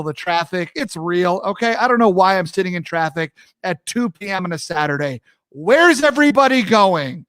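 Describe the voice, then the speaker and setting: A man's voice: sits high, fairly bright tone, no room sound, studio quality. A man from the US East Coast hosting a live talk show, chatting energetically and calling his viewers friends. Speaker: host.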